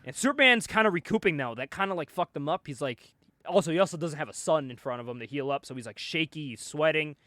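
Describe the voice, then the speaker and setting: A man hosting a podcast, casually retelling a comic book story with animated energy, frequent laughs and swearing. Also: a little high, fast talker, dry recording. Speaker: podcast host recapping a comic. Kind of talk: casual chat.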